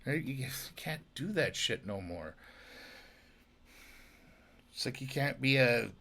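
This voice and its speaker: A drunk man rambling in a casual monologue, swinging from loud outbursts to mumbled whispers. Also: medium pitch, expressive, takes it slowly, gravelly. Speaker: amateur actor talking about comedy.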